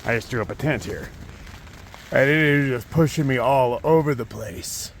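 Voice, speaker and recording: A cold and hungry man talks into a handheld camera from inside a small tent. His voice sits at an ordinary middle pitch. His delivery is weary and fed up, full of swearing, with faint wind noise behind him. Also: lively intonation, moderate pace. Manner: weary, frustrated, swears often. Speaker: long-distance hiker. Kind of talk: vlog filmed while camping.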